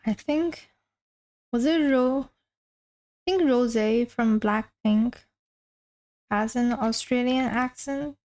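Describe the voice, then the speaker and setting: A woman's voice: fairly high pitch, takes it slowly, long pauses, darkish tone, low-quality recording. A woman streamer chatting casually while drawing, rambling and self-deprecating, often trailing off mid-sentence. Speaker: art streamer.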